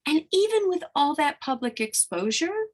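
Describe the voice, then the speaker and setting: Woman, spiritual hypnotherapist, slightly high voice, casual chat to her followers, emotional and rambling. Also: very animated, normal speed. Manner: emotional, rambling, self-interrupting. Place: New York.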